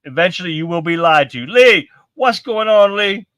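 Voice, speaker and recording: A man's voice: high-pitched, expressive, normal speed, sharp tone, clean tone, no room sound. A middle-aged man hosting a live stream, giving blunt, profane political commentary and reading viewer comments aloud.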